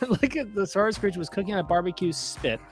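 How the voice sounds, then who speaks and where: A man's voice: sits high, a little fast, soft background music. A man from Michigan co-hosting a trivia show, chatting casually and laughing through his stories. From Michigan, USA. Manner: animated, laughing storyteller.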